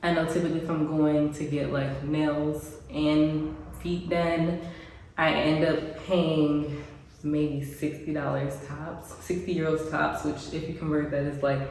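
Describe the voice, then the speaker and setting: A woman's voice: deep voice, level tone, a little slow, darkish tone. An American woman vlogging casually to camera, chatty with frequent ums and little laughs, sounding congested. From United States. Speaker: expat vlogger. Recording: very echoey room, faint background noise.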